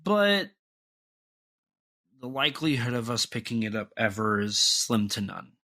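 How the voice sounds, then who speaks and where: A man's voice: medium pitch, big pitch swings, unhurried, pushed and bright. A young man co-hosting a podcast, talking in a casual, rambling way with many restarts and fillers. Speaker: podcast co-host.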